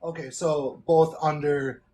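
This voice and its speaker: Sleepy guy calling in, slightly high voice, keeps pushing leading questions, faint noise behind. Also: flat delivery, takes it slowly, dark tone. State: sleepy after night shift. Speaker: caller.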